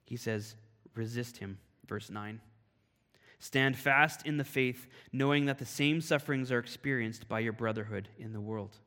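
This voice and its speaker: A man from Canada giving a sermon, telling a personal story in a lively, animated way. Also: medium pitch, moderate pace. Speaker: pastor. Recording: long hall reverb.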